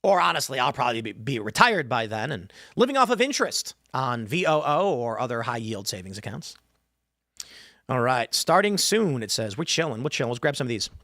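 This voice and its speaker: A man's voice: medium pitch, big pitch swings, fairly quick, sharp tone, no echo, clean studio sound. A man hosting a live show, chatting casually and rambling, reading viewer comments aloud and slipping into mock voices for asides. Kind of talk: casual livestream chat.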